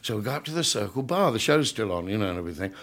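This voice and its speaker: A man's voice: on the low side, very animated, racing, a bit bright. An older man from England, a comedian telling showbiz anecdotes to an audience in a chatty, storytelling way, often chuckling and acting out other people's voices.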